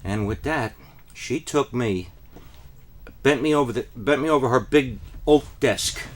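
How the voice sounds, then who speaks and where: A man from New Jersey telling a deadpan parody monologue, rambling and then rising into frantic, high-pitched pleas. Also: a little slow. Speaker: comic storyteller.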